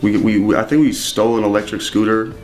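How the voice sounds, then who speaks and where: A man's voice: fairly low pitch, steady tone, fast talker, darkish tone, faint music behind. A young man telling stories casually in an interview, swearing often and laughing between lines. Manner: profane, rambling, laughs often. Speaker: interview guest. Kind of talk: casual storytelling.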